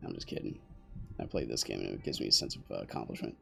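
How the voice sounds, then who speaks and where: A man's voice: rumbling low, rapid-fire, creaky, sharp tone, faint music behind. A young man chatting casually to his stream while playing, rambling and joking with viewers and teammates. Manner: rambling, jokey, talks to chat and teammates. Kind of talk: casual gameplay commentary.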